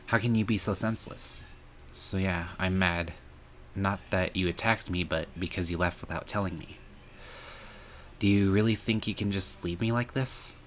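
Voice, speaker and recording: Male streamer, low voice, earnest emotional reading of game text, faint background noise. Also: normal speed, a bit bright. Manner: earnest, emotional reading with some angry outbursts. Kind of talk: reading a visual novel aloud.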